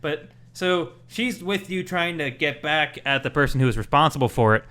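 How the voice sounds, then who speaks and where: A man co-hosting a gaming podcast in casual chat, animatedly acting out bits of game dialogue. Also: a little high. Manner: animated, acts out game dialogue in quick voices. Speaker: podcast co-host.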